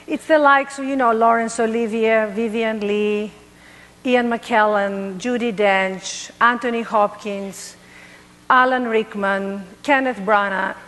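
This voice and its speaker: A middle-aged woman from Greece with a Greek accent, telling her life story to an audience in an animated, playful way. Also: fairly high pitch, slow pace, big-room sound. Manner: animated, playful, laughs at herself. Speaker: motivational speaker.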